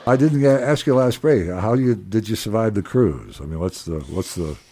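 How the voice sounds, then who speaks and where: A man hosting an interview, asking easygoing, halting questions. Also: on the low side, animated, warm tone, slightly rough. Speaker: show host. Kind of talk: casual interview.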